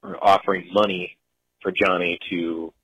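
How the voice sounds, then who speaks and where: A man's voice: low-pitched, little pitch movement, moderate pace, a bit bright, breathy edge, no room sound, low-quality recording. A man on a casual podcast, teasing his friends and swearing.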